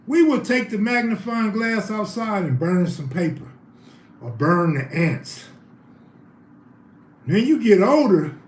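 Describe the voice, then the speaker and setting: A man hosting a casual live stream, out of breath, joking and reading viewer comments in loose slang. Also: high voice. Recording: roomy echo, faint background hum.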